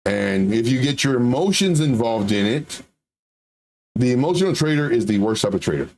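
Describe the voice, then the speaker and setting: A middle-aged man hosting a trading show, talking casually and repeating himself, with lively acted-out quotes. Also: mid-range voice, moderate pace. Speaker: trading channel host. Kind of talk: casual live market talk.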